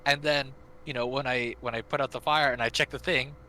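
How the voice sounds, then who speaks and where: A man telling gaming stories in casual chat, animated and swearing freely. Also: mid-range voice, fairly quick, slight background noise. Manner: animated, swears a lot, acts out quotes. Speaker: gaming friend on stream.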